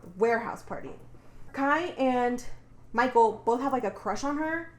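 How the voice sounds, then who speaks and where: A woman's voice: a little high, lively intonation, normal speed, reverberant. A woman co-hosting a podcast, casually retelling a story in a rambling way, with lots of fillers and swearing. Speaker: podcast co-host. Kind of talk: casual chat retelling a book plot.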